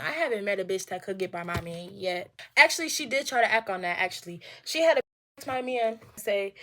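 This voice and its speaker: A young woman in her twenties tells a storytime to her viewers in a casual, cuss-heavy way. She is animated, jumping in and out of other people's voices. Her voice sits at an ordinary middle pitch. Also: brisk. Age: 20s. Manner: profane, animated, acting out quotes. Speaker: storytime vlogger.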